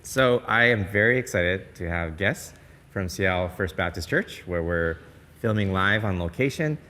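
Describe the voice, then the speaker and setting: A man's voice: sits low, lively intonation, normal speed, pushed and bright. A man hosting a podcast interview on location in a decorated church, asking friendly, curious questions in a casual, chatty way. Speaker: podcast host. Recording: long church reverb, faint ambience.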